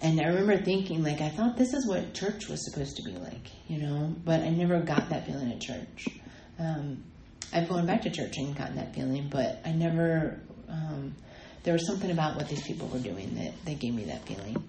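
A woman telling her personal recovery story at a meeting, halting and full of ums and restarts. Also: deep voice, lively intonation, roomy sound, noisy background. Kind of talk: personal testimony talk.

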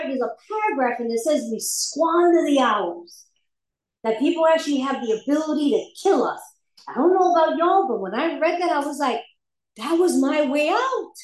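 A woman giving a candid personal recovery testimony at a meeting, laughing often as she tells her story. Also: sits high. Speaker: speaker sharing at a recovery meeting. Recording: echoey room.

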